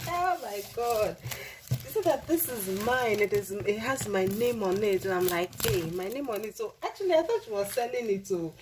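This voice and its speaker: A woman with a mid-range voice does a casual unboxing for her cooking channel, with background noise audible. She gushes, exclaims, and repeats herself in her excitement.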